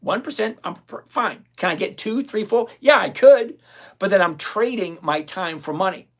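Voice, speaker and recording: An older retired host streams live about investing, casually reading out viewer comments and answering them bluntly and sarcastically. The medium-pitched voice is animated and keeps a moderate pace, and phrases often get repeated for emphasis.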